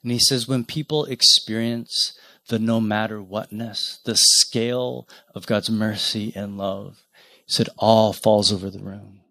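A man preaching a sermon as pastor, telling stories earnestly, rising loud and then dropping to a hush. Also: fairly low pitch, steady tone, a little slow, no echo. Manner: earnest storytelling with wide swings from loud to hushed.

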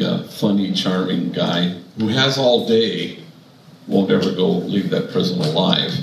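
Priest telling stories in a roomy hall. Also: male voice, on the low side, gravelly, fairly bright tone, slight background noise. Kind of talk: storytelling sermon to an audience.

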